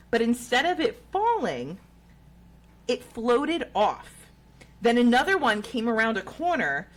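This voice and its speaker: A woman, co-hosting a podcast and retelling a story in a casual, profane, animated way. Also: on the high side. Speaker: podcast co-host.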